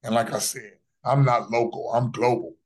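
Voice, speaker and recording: A man's voice: mid-range voice, fairly even intonation, moderate pace. Brash, boastful man, plain mid-range voice. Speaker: podcast guest. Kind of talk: casual interview talk.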